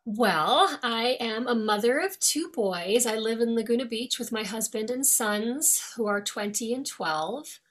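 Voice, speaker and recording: A middle-aged woman from New York with no regional accent, a lawyer speaking as a guest in an interview in an articulate, friendly, measured way. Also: on the high side, expressive, fairly bright tone. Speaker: guest, attorney. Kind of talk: interview conversation.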